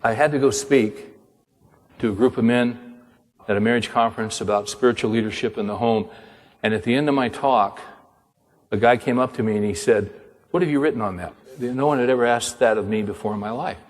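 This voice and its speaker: A man's voice: mid-range voice, fairly quick. Older male preacher telling a story in a reverberant hall. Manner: animated storyteller acting out dialogue. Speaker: pastor and author. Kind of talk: sermon storytelling.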